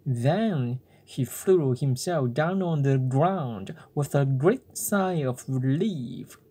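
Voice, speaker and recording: A bedtime storyteller reads at a very slow, unhurried pace. The voice is mellow and breathy, soft enough to lull a listener to sleep. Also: mid-range voice, animated.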